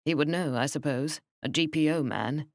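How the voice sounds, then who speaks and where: A woman narrating an audiobook in a measured, wry first-person manner. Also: deep voice, gravelly, dry recording, studio quality.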